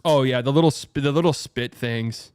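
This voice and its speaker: Young guy streaming, rambling stories, laughs a lot, swears, mid pitched voice. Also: moderate pace, darkish tone, smooth. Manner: rambling storyteller, laughs often, swears, imitates trumpet buzzes. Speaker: streamer and show host. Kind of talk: casual livestream chat.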